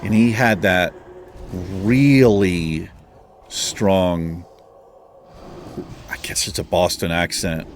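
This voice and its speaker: A man's voice: deep voice, fairly even intonation, extremely slow, long pauses, slight background noise. A man hosting a gaming video, chatting casually in a rambling, meandering way while he plays. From Virginia. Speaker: gaming channel host. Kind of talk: casual chat while playing a game.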